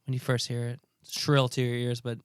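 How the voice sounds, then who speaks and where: Smooth-voiced joking male podcast host. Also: mid-range voice, completely flat delivery, fairly quick, no echo, clean studio sound. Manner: joking, loose, swears casually. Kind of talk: casual chat.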